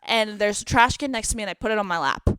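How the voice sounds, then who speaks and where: This twenty-something co-host talks fast in a medium pitch, her tone fairly bright and clean, with no echo. She's animatedly retelling a night out on the podcast and acting out what her friends said, keeping the chat casual.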